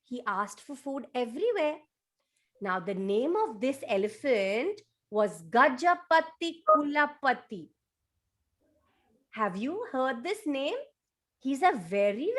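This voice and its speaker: A woman telling a story to toddlers over a video call, animated and sing-song. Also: sits high. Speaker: children's storyteller.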